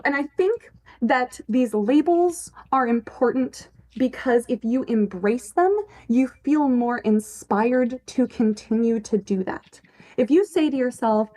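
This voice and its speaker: A woman's voice: a little high, expressive, takes it slowly, darkish tone. A woman chatting casually on a livestream, emphatic, swearing freely and laughing often as she answers her chat. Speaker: fanfiction writer on a livestream.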